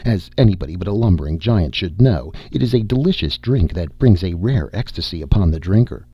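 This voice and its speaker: A crafty rebel who coaxes a crowd with smooth, confident talk, as a man reads him in a low, husky voice. The recording is dry and slightly dull. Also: expressive, fairly quick, dry recording, full character voice. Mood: sly. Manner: smooth-talking, persuasive. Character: crafty male human rebel leader, sly and confident.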